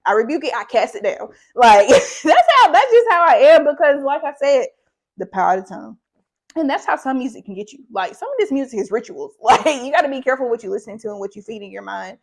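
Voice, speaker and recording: A woman's voice: high-pitched, very animated, fast. A young woman chatting casually in a faith vlog, rambling, saying "like" often and laughing between thoughts. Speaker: faith vlogger.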